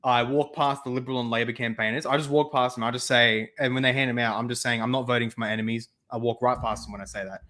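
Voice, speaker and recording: A young man with an Australian accent, hosting a casual chat over a video call and telling stories with lots of laughter. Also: mid-range voice. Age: young adult. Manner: animated storytelling, laughs often, quick asides. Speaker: host.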